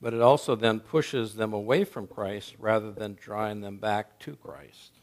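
A man preaching a sermon as pastor, emphatic and full of rhetorical questions, swinging from loud to soft. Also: fairly low pitch, unhurried.

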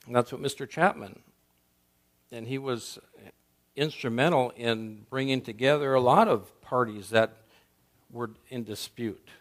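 A man preaching a sermon as pastor, emphatic and full of rhetorical questions, swinging from loud to soft. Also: medium pitch, measured pace, long pauses.

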